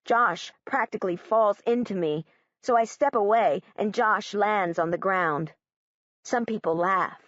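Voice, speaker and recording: A woman's voice: mid-range voice, measured pace, a bit bright, dry recording. A woman narrating an audiobook in the first person as a young girl, in a literal, matter-of-fact way. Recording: dull, dry audiobook recording.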